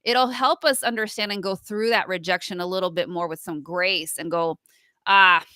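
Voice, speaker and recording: A woman's voice: fairly low pitch, steady tone, fairly quick, pushed and bright, dry recording, clean studio sound. A woman co-hosting a podcast, talking reflectively and acting out inner thoughts as she speaks. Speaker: podcast co-host. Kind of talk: casual conversational discussion.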